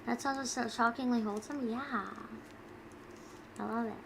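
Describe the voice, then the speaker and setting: A tipsy young woman streamer chatting casually with viewers, talking quietly and rambling with giggles close to her mic. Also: a little high, fairly even intonation, fairly quick, background noise. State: tipsy from drinking. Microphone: close desk mic.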